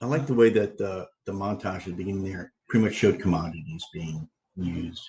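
A man co-hosting a podcast, adding calm explanatory asides in casual movie chat. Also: deep voice, fairly quick, creaky. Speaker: podcast co-host. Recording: echoey room, mic a little distant.

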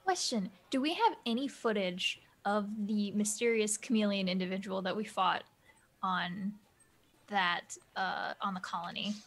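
A woman's voice: mid-range voice, unhurried, a bit bright. A woman playing a tabletop game, chatty and informal with many fillers. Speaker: player. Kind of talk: casual tabletop game chat.

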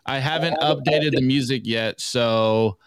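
A man's voice: mid-range voice, unhurried, clear, resonant tone, no echo, clean studio sound. A man hosting a casual live show, chatting loosely and stumbling over his words as he reads memes aloud. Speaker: podcast host. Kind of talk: casual live-stream commentary.

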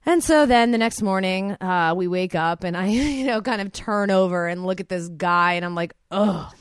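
A woman's voice: fairly low pitch, normal speed, clear, resonant tone, dry recording, clean studio sound. Chatty woman telling a dating story. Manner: chatty, full of "like" and quoted asides. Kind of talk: casual anecdote telling.

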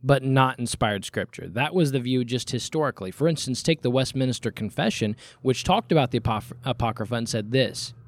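A man preaching a sermon, asking rhetorical questions and using deliberate pauses, rising sharply on key points and dropping low to finish them. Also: lively intonation.

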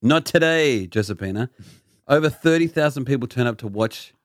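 A man's voice: mid-range voice, expressive, brisk, darkish tone, no room sound, studio quality. A man hosting a casual podcast chat, playfully quizzing his co-hosts. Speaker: podcast host.

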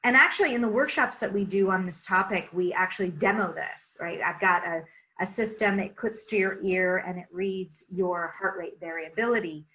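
Woman, leadership coach, bright tone, energetic explaining, interview guest. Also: on the low side, moderate pace, low-quality recording. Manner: energetic, lots of "right?" asides.

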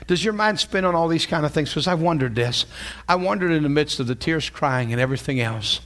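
A man preaching, his voice pitched high and moving all over its range as he talks. He asks the congregation question after question and shifts between slow, quiet stretches and loud, emphatic ones, with laughing asides. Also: expressive. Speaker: pastor. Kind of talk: sermon.

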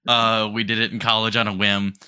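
A man's voice: on the low side, little pitch movement, fairly quick, pushed and bright, clear, resonant tone. A man co-hosting a podcast, describing a race with enthusiasm in casual conversation. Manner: enthusiastic, explanatory. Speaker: podcast co-host.

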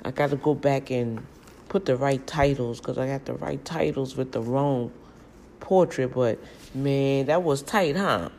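A middle-aged woman, chatting casually in a storytelling vlog from a home kitchen, animated and laughing at herself. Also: a bass voice, a little slow, slight background noise. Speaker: vlogger.

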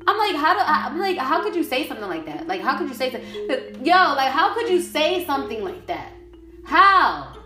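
A woman with a high voice rants hotly, swearing and circling back to the same complaints. Her voice rings in an echoey room with faint music behind her. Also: very animated, fairly quick, hardly any pauses. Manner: heated, profane, repetitive ranting. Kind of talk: angry venting monologue.

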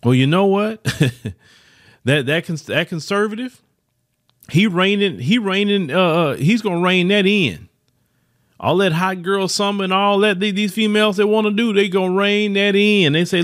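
A middle-aged man with a fairly high voice delivers opinion commentary in a preachy, emphatic way. He stumbles over repeated words and restarts as he presses his points. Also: moderate pace, fairly bright tone.

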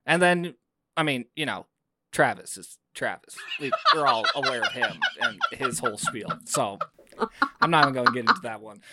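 A man's voice: fairly high pitch, heavy background noise. A man playing an earnest, grumbling male sailor who rambles indignantly in a tabletop game. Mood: exasperated. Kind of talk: in-character tabletop play.

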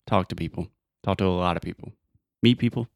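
Deep-voiced Southern American man teaching. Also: fast talker, creaky, no echo, clean studio sound. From Southern United States. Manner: upbeat, teacherly, gives step-by-step advice. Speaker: podcast host and English teacher. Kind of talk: casual podcast chat.

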